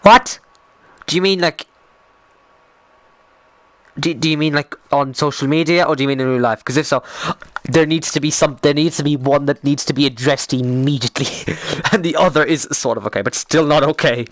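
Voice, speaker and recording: A man's voice: a little high, fairly even intonation, fairly quick, no echo. A young Irish man chatting casually on a live stream, rambling, swearing freely and getting worked up as he talks.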